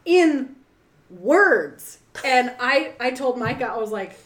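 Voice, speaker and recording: A woman co-hosting a podcast, telling stories with animated excitement and swearing freely. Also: high voice, moderate pace. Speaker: podcast co-host. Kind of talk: casual chat. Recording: roomy echo.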